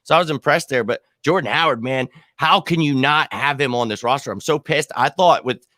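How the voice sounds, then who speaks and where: A man talks football on a casual podcast, emphatic and heated like a devoted fan. His voice is bright and forceful. The sound is dry and close, with no room around it. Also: medium pitch, fairly quick, no echo. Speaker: podcast co-host. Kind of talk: casual sports chat.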